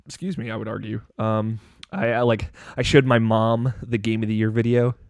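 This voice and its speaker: A man's voice: on the low side, flat delivery, normal speed, a little mellow, dry recording, clean studio sound. A man hosting a gaming podcast, chatting casually and rambling with lots of fillers and restarts. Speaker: podcast host.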